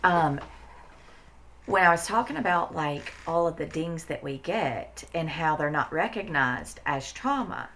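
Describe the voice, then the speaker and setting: A woman's voice: deep voice, animated, a little slow, fairly bright tone, a little hiss or hum. A woman talking in a casual podcast conversation, blunt and emphatic, swearing freely and repeating words for stress. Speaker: therapist guest.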